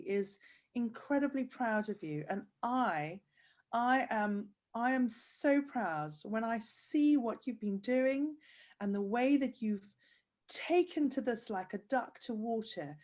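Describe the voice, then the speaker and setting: Woman host, a bit high-pitched, gushing and teary on a video call. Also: a little mellow. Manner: effusive, tearful praise. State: crying. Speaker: host of handwriting program. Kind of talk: emotional interview over video call.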